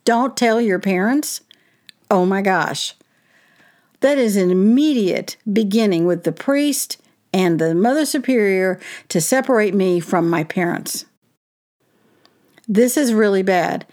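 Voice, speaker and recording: A woman telling a personal childhood story in a lively, indignant conversational way, with wry asides. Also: medium pitch, a little slow. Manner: animated, indignant, with wry laughs and quoted voices.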